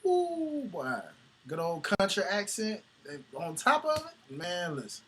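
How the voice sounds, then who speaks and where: A man co-hosting a casual wrestling talk show, animated and slangy, laughing often. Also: high-pitched, measured pace, crowd noise. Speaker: podcast co-host.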